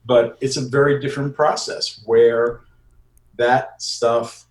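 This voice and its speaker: A man's voice: medium pitch, little pitch movement. Older male comedy writer, talks shop and acts out bits; roomy sound. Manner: acts out quick character voices in examples. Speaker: comedy writer and improv teacher. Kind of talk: interview answers.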